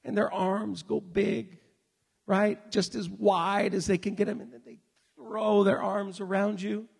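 High-voiced male pastor in an echoing hall. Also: flat delivery, creaky, slightly rough. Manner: emphatic, slows and shouts on key phrases. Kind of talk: sermon. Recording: long reverb of a hall.

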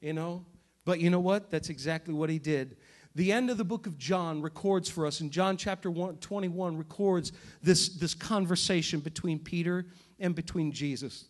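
A man's voice: fairly high pitch, normal speed. A man preaching a sermon as pastor, passionate and repetitive in his delivery.

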